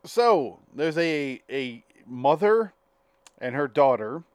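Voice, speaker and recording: Male podcast co-host: animated scene-retelling, expressive pitch, dry booth sound. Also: slow, clear, resonant tone, dry recording. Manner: animated storyteller who acts out scenes. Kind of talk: casual chat, reacting to a TV show.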